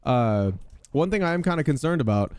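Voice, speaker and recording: Loud, excitable young man. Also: on the high side, fairly quick, smooth, dry recording. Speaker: podcast host. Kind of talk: gaming commentary.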